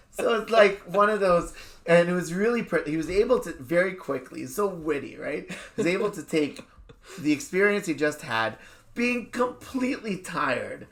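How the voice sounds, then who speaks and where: A man, a rabbi, co-hosting a podcast and telling an animated anecdote in casual chat, slipping into quick voice impressions. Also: fairly high pitch, creaky.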